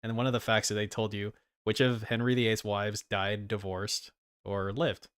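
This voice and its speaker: Sarcastic, profane streamer. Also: male voice, lowish voice, flat delivery, normal speed, clean tone, no echo, clean studio sound. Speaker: streamer reacting to videos. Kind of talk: live-stream commentary.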